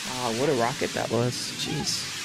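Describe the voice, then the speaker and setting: A man hosting a livestream, reacting excitedly and in slang to a broadcast while talking to his chat. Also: a little high, moderate pace, vocal fry, loud music behind the voice, low-quality recording. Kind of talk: casual live reaction chat.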